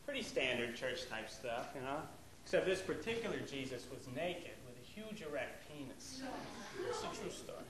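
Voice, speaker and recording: A man's voice: medium pitch, big pitch swings, normal speed, very noisy. A young man from the Boston area doing stand-up with a wry, conversational delivery. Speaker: stand-up comedian. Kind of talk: stand-up storytelling. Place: comedy club. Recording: echoey room with loud crowd laughter.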